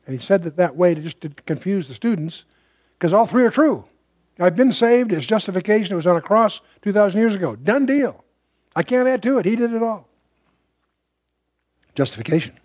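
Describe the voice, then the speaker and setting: A man's voice: high voice, lively intonation, brisk, long pauses, darkish tone, dry recording, studio quality. An older man teaching the Bible verse by verse to a room, conversational and digressive, with emphatic asides. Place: room with a live audience.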